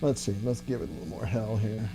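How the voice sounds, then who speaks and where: Gravelly, lowish, and quick, this man's voice carries a relaxed, rambling livestream where he answers viewers with plenty of filler words. He builds amps, and a loud electric guitar through an amp plays in the background.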